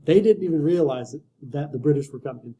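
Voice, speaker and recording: Man teaching history, dark and wry. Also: fairly high pitch, quick pace, rough recording. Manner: conversational and wry, with frequent restarts. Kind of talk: casual recorded lecture.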